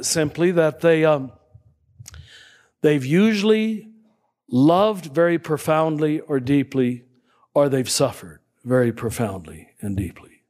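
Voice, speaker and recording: A man giving a spiritual talk to an audience, conversational, often checking in with the listeners and chuckling softly. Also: fairly high pitch. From United States. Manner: conversational, checks in with tag questions and soft chuckles. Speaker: spiritual teacher.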